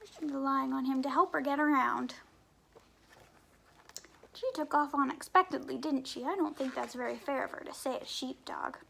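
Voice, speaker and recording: A woman reading a picture book aloud to children, asking them gentle questions and often dropping to a whisper. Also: sits high, normal speed, creaky, a little hiss or hum. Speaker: story time reader.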